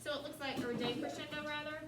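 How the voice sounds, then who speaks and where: A woman teaching a choir class, explaining markings and chanting the lyrics slowly for students to repeat. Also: high-pitched, fairly even intonation, over loud music. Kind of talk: classroom music lesson. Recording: echoey classroom from far off, noisy.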